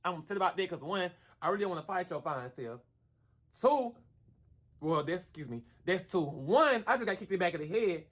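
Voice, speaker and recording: Fast-talking high-voiced man telling a story. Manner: animated, slangy, calls the listener "girl" constantly; acts out punches with sound effects. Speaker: storyteller vlogger. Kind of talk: casual storytime vlog.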